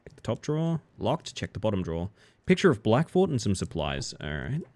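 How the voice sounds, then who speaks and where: A man's voice: lowish voice, wildly swooping pitch, a little fast, darkish tone. A young man streaming a game, chatting playfully and joking directly with his viewers. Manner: playful, joking, talks straight to chat. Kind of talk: casual live-stream chat while gaming.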